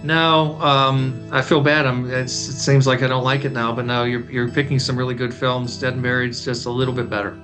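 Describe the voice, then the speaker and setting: A man's voice: medium pitch, little pitch movement, moderate pace, hardly any pauses, music in the background. A man speaking as a guest critic in a casual conversation, giving blunt, frank opinions.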